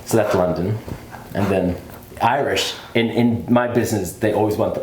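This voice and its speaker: A man with a fairly low voice chatting easily in an interview. He keeps sliding into put-on accents and back out again, clearly having fun with it. His voice carries a noticeable echo from the room around him. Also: normal speed, a little mellow, a little hiss or hum. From United States. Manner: playful, switches in and out of put-on accents. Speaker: actor guest. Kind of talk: casual interview, demonstrating accents.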